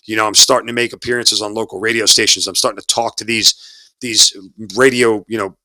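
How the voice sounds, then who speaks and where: A man's voice: fairly low pitch, sharp tone, no room sound. A man in his forties, an army officer and broadcaster, telling his story in an interview in an earnest, talkative way, often repeating words as he searches for them. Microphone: studio mic.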